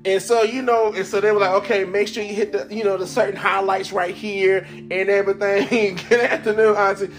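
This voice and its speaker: Male podcast host, high voice, animated storyteller, a little congested, faint music under him. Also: a little fast, few pauses. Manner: animated, laughs often, acts out quoted voices. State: congested from sinuses. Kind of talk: casual storytelling monologue.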